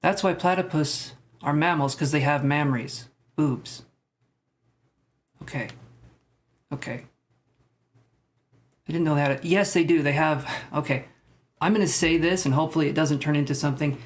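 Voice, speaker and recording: This male tarot reader has a fairly high voice, talks at a normal speed, and pauses often. On his live stream he jokes with viewers between cards, chatting loosely and rambling.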